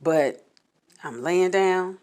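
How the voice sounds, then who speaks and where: A woman vlogger candidly recounting a personal experience to camera, halting and repeating words as she goes. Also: fairly low pitch, darkish tone. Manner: candid, halting, repeats words while telling her story.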